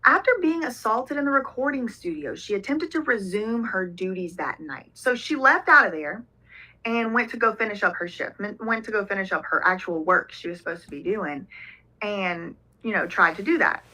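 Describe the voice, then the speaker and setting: A woman's voice: medium pitch, lively intonation, moderate pace, sharp tone, poor audio. A woman hosting a reaction video, casually reading a document aloud and commenting on it with lots of fillers. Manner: conversational, reads documents aloud with frequent fillers. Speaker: reaction channel host.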